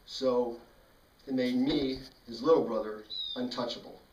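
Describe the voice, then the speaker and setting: A man's voice: mid-range voice, fairly even intonation, unhurried, darkish tone, dull audio, a little hiss or hum. Wry man telling a story in a roomy space. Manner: dry, wry, matter-of-fact. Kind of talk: casual spoken storytelling. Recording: roomy, mic at a distance.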